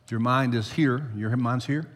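A man preaching a sermon to his congregation, climbing loud for emphasis and then dropping low. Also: normal speed. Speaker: pastor. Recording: long hall reverb.

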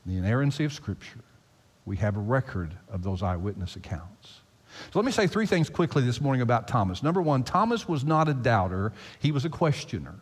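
Animated preaching man in reverberant hall. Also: a little high. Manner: animated, emphatic preaching with repeated phrases. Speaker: pastor. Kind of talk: sermon.

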